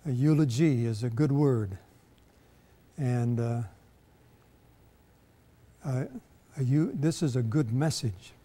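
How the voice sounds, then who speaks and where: Man, pastor, televised sermon, slow, mellow warm tone, rambling with fillers. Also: mid-range voice. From Minnesota. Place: TV studio.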